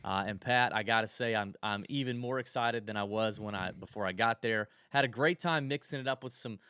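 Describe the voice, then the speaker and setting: A man's voice: fairly low pitch, brisk, bright, forceful tone, smooth, no echo. Chatty, rambling male podcast host. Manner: chatty, rambling storyteller with restarts. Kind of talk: casual chat.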